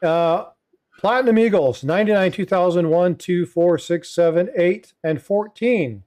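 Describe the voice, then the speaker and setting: Middle-aged male stream host, slightly high voice, loose and chatty, heavy on filler words. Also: unhurried, darkish tone. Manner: rambling, filler-heavy, reads viewer chat aloud. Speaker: livestream host. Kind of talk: casual panel chat.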